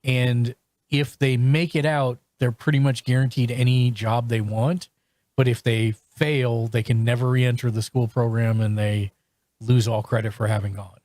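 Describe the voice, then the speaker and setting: A man hosting a casual podcast, talking at an ordinary middle pitch. He stumbles through restarts and fillers as he reviews shows. His voice is recorded close and dry, with no room sound. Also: steady tone, darkish tone, dry recording. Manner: halting, full of restarts and fillers. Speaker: podcast host.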